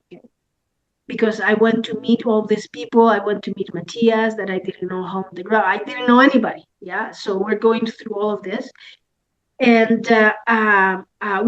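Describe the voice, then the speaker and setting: An older woman telling a personal story on a video call, lively and candid, acting out the dialogue and swearing freely. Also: medium pitch, dull audio. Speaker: guest speaker sharing a personal story.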